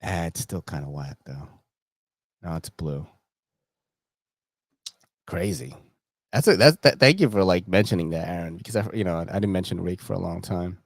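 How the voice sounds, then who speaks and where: Slangy, animated man with a lively voice. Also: deep voice, moderate pace, creaky, long pauses, no echo. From Philippines. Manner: slangy, laughing, animated storytelling. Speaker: host. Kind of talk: casual livestream chat.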